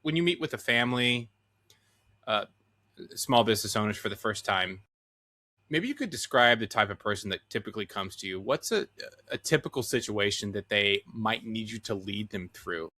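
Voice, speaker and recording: A man hosting an interview, agreeing warmly with his guest and asking him open questions. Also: fairly low pitch, animated, moderate pace. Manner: affirming, asks questions with restarts. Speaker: podcast host, interviewer. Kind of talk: casual interview conversation.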